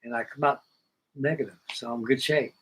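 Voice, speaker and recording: A man's voice: medium pitch, steady tone, fairly quick, fairly bright tone, breathy edge, rough recording. An older man, host of a model-building livestream, telling a long personal story in a folksy, plainspoken way and acting out old conversations.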